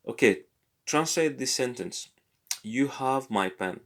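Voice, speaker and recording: A man talking through a language exercise, thinking aloud in a hesitant way and slowly sounding out foreign words. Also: medium pitch, lively intonation, fairly bright tone. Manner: hesitant, thinking aloud with many pauses and repeats. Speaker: language lesson vlogger working through exercises. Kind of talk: casual think-aloud tutorial.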